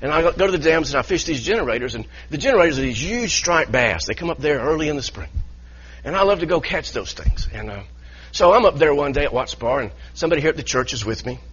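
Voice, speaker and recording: High, bright pastor telling a story. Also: male voice, quick pace, slightly rough. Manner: animated, laughing asides, grows heated in retelling. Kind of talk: storytelling sermon. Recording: dull lo-fi sound.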